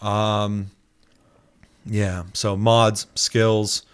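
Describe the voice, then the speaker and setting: A man in casual chat, loose and profane, rambling with lots of fillers and quick mimicked asides. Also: on the low side, level tone, smooth.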